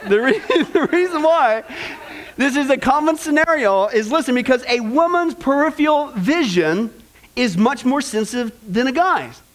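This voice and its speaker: A middle-aged man preaching a sermon on marriage, energetic and jokey, who keeps checking in with the crowd. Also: very high-pitched, moderate pace. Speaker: pastor.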